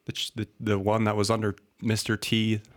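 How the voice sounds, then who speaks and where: A man's voice: fairly low pitch, monotone, normal speed. A man hosting a casual talk show, a bit tipsy from drinking, rambling and laughing as he talks. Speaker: podcast host. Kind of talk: casual chat.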